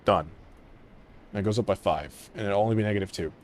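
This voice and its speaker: A man giving casual commentary on a strategy game, mumbling to himself and trailing off into quiet asides. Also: lowish voice, quick pace, a little hiss or hum. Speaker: gaming channel host.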